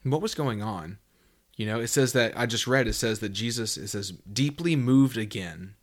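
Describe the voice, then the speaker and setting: A man in his thirties from the southeastern United States talks through a Bible passage in a relaxed, earnest way. His voice sits fairly low, and he slows down when he reads scripture aloud. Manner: earnest, conversational, reads scripture slowly and warmly. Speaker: Bible teaching host. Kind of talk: casual Bible teaching talk.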